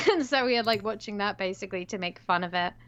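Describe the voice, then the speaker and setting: A young woman co-hosts a casual livestream in a medium-pitched, expressive voice that's fast, bright, forceful and clean-toned. She rambles with many fillers and giggles often, heard through slightly muffled call audio.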